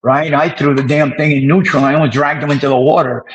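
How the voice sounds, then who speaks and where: Animated older man telling stories. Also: on the high side, fast, lo-fi sound. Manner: animated storyteller who acts out dialogue. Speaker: interview guest telling his past. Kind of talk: casual storytelling interview.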